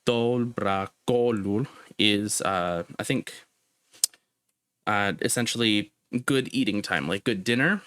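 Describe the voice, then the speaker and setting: A young man gives a relaxed language lesson, hesitating often and drawing out each foreign phrase syllable by syllable. His voice is smooth and clear. The recording is close and dry, with no room sound. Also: on the low side, no echo. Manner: halting, with many ums and uhs; slows down to spell out phrases. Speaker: language teacher.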